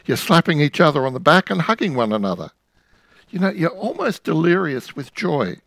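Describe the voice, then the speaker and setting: A man preaching a sermon, retelling a scripture story in the second person with vivid, dramatic pauses. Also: fairly high pitch, very animated, gravelly, a bit bright, no room sound.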